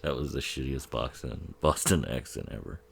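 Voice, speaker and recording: A man's voice: very deep voice, normal speed, gravelly. A man giving casual, profane, sarcastic commentary on a film, often laughing as he talks.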